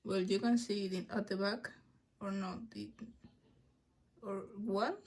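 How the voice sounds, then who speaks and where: Slow, hesitant woman unboxing on camera. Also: medium pitch, steady tone, darkish tone. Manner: hesitant, self-correcting, apologetic. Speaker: vlogger. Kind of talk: casual unboxing vlog.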